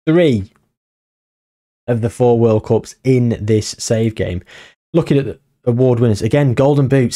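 A young man giving casual gameplay commentary, animated and exclaiming, chatting to his viewers as "gang". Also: mid-range voice. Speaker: gaming YouTuber.

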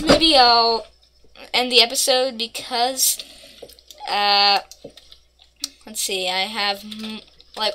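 A woman's voice: fairly high pitch, bright, forceful tone, a little hiss or hum. A woman casually commenting on her own gameplay, playful and mock-dramatic, rambling between asides. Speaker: gaming channel host.

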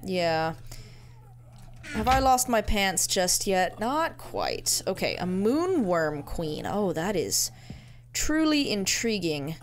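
A woman's voice: mid-range voice, sing-song, slow, slight background noise. A woman giving casual gameplay commentary, muttering to herself in a playful, easily amused way. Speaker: let's-play gamer.

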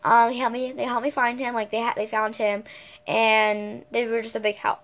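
A woman's voice: a little high, little pitch movement, moderate pace, a bit bright. A girl in her early teens chatting casually through a storytime vlog, rambling along with many fillers and self-corrections. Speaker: vlogger.

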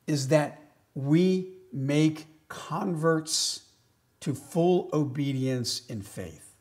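A pastor delivering a sermon in a fairly high man's voice. He swings from loud, emphatic lines to quiet asides. He slows right down to stress key phrases.

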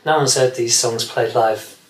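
A man's voice: medium pitch, normal speed, reverberant, rough recording. A man, a session guitarist, chatting in an interview and rambling with many restarts. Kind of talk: casual interview chat.

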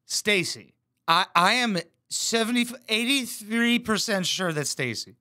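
A man's voice: high voice, lively intonation, measured pace. A man hosting a reaction video, roasting clips with sarcastic, profane commentary. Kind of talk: mocking commentary over clips.

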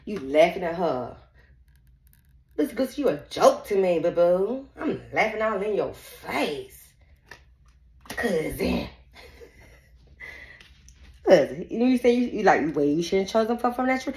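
Laughing, animated woman psychic reader. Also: mid-range voice, measured pace, long pauses. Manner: laughs often, blunt and profane, talks straight to viewers. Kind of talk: casual spiritual reading chat. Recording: echoey room.

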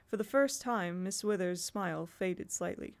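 A woman narrating a children's novel aloud at a steady, measured pace. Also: on the low side, vocal fry. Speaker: audiobook reader. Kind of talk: storybook narration.

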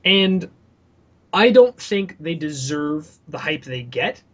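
High-voiced ranting young man. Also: slow pace. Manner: animated ranting with profanity. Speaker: podcast co-host. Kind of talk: casual podcast chat.

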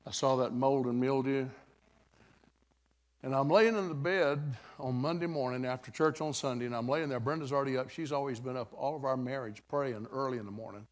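An older man preaching at a revival. He tells a folksy story in a relaxed, conversational way, now and then breaking into loud, dramatic bursts. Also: mid-range voice, a little fast. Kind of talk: storytelling sermon.

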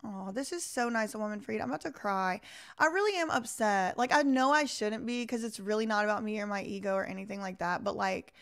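A woman hosting a live reaction stream, reading an article aloud and commenting in an animated, exasperated way straight to her viewers. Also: medium pitch, fairly quick.

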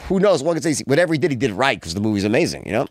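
A middle-aged man telling wild stories as a podcast guest, profane and animated, acting out quotes in a high voice. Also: rapid-fire, dry recording, clean studio sound. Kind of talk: casual storytelling interview.

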